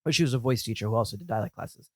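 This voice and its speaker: Quick, opinionated man on a podcast. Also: mid-range voice, animated, darkish tone, no room sound. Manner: quick, opinionated, laughs often. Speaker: podcast co-host. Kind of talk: casual chat.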